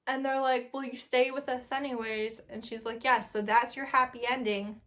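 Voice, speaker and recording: A woman in her thirties talks books on her vlog from home, gushing and animated. Her voice sits a touch high, and she breaks into laughter often as she chats. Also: measured pace. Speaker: book vlogger. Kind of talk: casual book tag chat.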